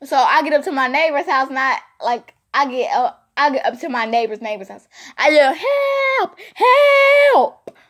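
Woman vlogger with a high voice, chatty storytime, repeats herself a lot, talks right to the viewers. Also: a little fast. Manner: rambling, repeats phrases for emphasis; animated, speaks to viewers directly. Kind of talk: casual storytime vlog.

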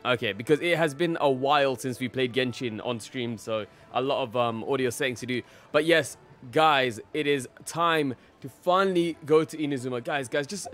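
A man's voice: mid-range voice, animated, normal speed, fairly bright tone, faint music behind. A young man live-streaming a game, casually greeting his chat by name and laughing often.

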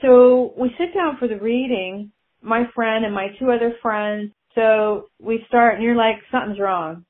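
A woman's voice: fairly high pitch, a little slow. A woman guest telling stories in a casual chat and laughing often as she talks. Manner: chatty, laughs through her stories. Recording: tinny phone line.

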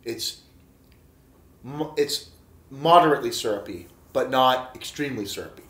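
A man reviews beer on a casual vlog in a medium-pitched, slightly bright voice, animated and moderately paced, with reverb around him. He talks enthusiastically to viewers, calling them "guys" and repeating himself.

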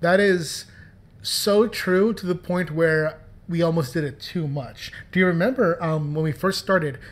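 A man's voice: fairly high pitch, unhurried. A man hosting a podcast and talking about his comics in a playful, joking, chatty way. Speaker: podcast host and comics writer. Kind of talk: casual podcast commentary.

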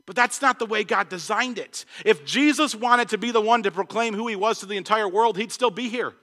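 A male pastor preaches to his church in a high, bright voice. He is earnest, pressing some points hard and dropping others to a hush, and a long reverb trails his words through the hall. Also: a little fast. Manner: earnest, swings between emphatic and hushed. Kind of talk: sermon.

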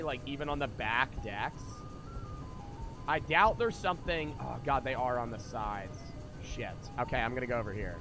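A young man livestreaming a game, chatting casually with viewers and swearing freely as he plays. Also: mid-range voice. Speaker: streamer. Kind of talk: live gameplay commentary. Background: game music.

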